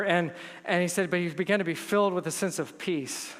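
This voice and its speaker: A man with a high, bright preaching voice delivers a sermon, telling stories in an animated way and building to emphatic intensity. His voice rings out with a long, lingering reverb from a church sanctuary. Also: brisk. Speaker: pastor.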